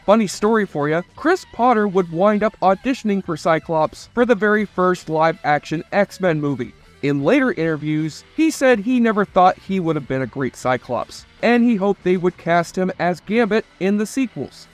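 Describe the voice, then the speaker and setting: A man's voice: high-pitched, animated, normal speed, few pauses, soft background music. A man narrating a scripted nostalgia video in a chatty, enthusiastic fan manner.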